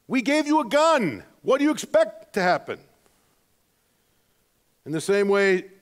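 A man pastor preaching a sermon in an earnest manner, moving between quiet stretches and emphatic ones, often restarting his phrases. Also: sits high.

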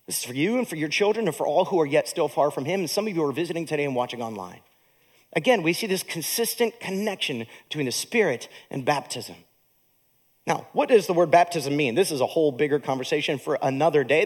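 A male pastor preaching with a high voice that swoops up and down, wide-ranging and animated. He reads scripture and makes joking asides to his congregation in a church. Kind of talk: sermon.

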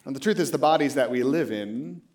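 A man's voice: medium pitch, lively intonation, brisk, darkish tone, slight background noise. A man in his late thirties preaching a sermon, telling stories with lots of animation, acting out both sides of a dialogue and laughing often while he talks. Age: late 30s. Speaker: pastor.

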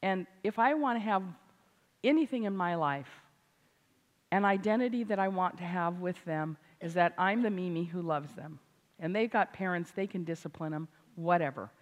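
An older woman, a grandmother and author, preaching a sermon with animated, emphatic delivery. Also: fairly low pitch, normal speed. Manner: animated, rising to loud emphatic exclamations. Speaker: Christian speaker and author. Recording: hall reverb.

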